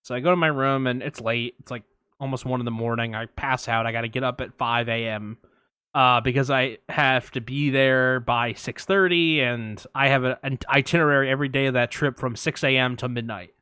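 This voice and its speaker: A young man co-hosting a podcast, telling a long story in casual chat, animated, acting out quotes and swearing freely. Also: medium pitch, a little fast, smooth, dry recording, clean studio sound. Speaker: podcast co-host.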